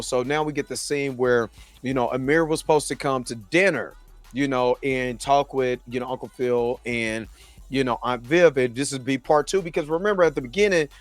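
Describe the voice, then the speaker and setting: A man's voice: mid-range voice, no echo. A man hosting a show, recapping a TV episode in a casual, conversational way and often asking "you know what I mean". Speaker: show host reviewing a TV episode.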